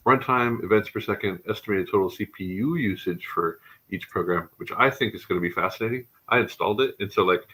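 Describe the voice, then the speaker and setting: Bright, husky-voiced man hosting a tech chat. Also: sits low, poor audio. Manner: enthusiastic, rambling asides. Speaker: show host. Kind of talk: casual tech livestream chat.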